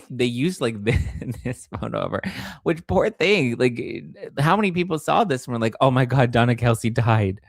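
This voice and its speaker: Sarcastic chatty male host, dry sound. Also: no room sound. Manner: sarcastic, animated, jumps into high squeals. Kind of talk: casual commentary.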